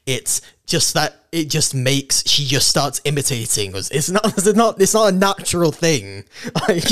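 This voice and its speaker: A man hosting a casual radio show chat, joking and laughing as he talks. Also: on the high side. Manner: jokey, laughing often.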